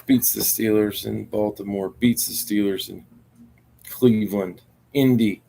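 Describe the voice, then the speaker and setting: A man's voice: fairly low pitch, steady tone, measured pace, vocal fry, mellow. A man hosting a casual stream, reading out names for a football squares board and grumbling when his tablet loses his numbers. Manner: grumbling, frustrated, muttering to himself. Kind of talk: casual live-stream chat.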